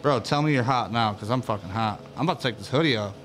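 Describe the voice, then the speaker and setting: A man co-hosting a casual podcast from a garage, telling stories loudly and profanely, a little tipsy from drinks. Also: mid-range voice, fast talker, slight background noise. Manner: loud, profane, animated storyteller. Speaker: podcast co-host. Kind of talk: casual chat.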